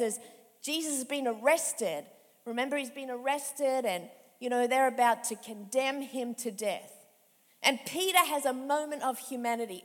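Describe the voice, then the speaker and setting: High-voiced woman preaching. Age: 50s. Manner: conversational, emphatic repetition. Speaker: pastor. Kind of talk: sermon. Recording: echoey hall with long reverb.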